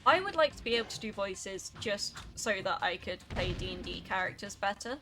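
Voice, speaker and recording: A woman's voice: mid-range voice, expressive, fairly quick, over music. A young woman, chatting casually and swearing now and then while she streams a video game. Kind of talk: casual rambling while gaming.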